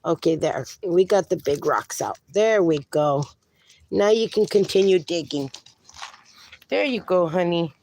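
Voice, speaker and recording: A woman's voice: lowish voice, measured pace, darkish tone, slight background noise. Chatty woman hosting a phone livestream. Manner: chatty, affectionate, calls viewers darling and honey. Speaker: livestream host. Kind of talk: casual livestream chat, reading chat aloud.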